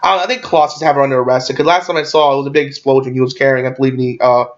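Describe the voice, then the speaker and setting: This man's voice is mid-range and steady in tone, but he races through a casual movie review, rambling, cursing, and constantly restarting and filling pauses. The recording is dull and lo-fi.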